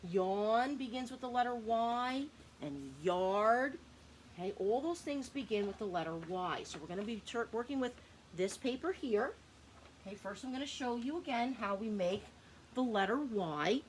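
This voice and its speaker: A woman's voice: mid-range voice, a little hiss or hum. A woman teaching a phonics lesson to young children, patiently sounding out words and answering her own questions. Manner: asks questions and answers them herself.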